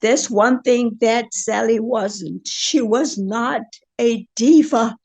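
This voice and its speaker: A woman's voice: fairly high pitch, slow, vocal fry, darkish tone. An older woman speaking as a podcast guest, earnest and heartfelt, talking about her community. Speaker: guest, dance elder. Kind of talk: conversational interview.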